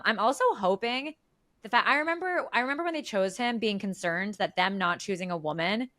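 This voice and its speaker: A woman's voice: mid-range voice, fairly bright tone, dry recording. A young woman talks politics with a co-host in an emphatic, opinionated way. She often restarts a sentence to drive her point home. Her voice sits in the middle of the range and sounds dry and close to the mic. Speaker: podcast co-host. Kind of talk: casual political chat.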